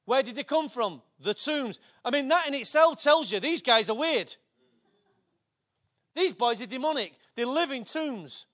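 A man, preaching a sermon with animated storytelling that builds to shouts. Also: very high voice, a little slow.

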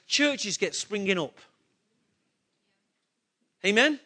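Male preacher, high and bright, casual sermon delivery full of questions. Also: animated, moderate pace. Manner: conversational, asks the congregation questions. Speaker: pastor.

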